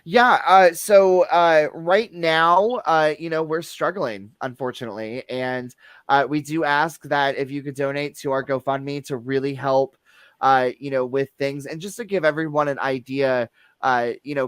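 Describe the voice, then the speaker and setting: A man's voice: fairly high pitch, unhurried, fairly bright tone, smooth, dry recording. Man with a dry, close-up voice. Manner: rambling storyteller with many fillers. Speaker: guest, movie theater staff. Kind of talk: casual podcast chat.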